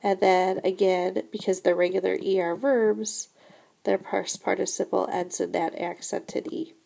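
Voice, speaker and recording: A slow, patient woman teaching a French lesson, walking through verb endings step by step. Her voice is mellow and a little gravelly, with an unhurried, steady delivery. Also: medium pitch. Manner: slow, patient explaining with frequent "so again" and "remember". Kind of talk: recorded classroom lesson.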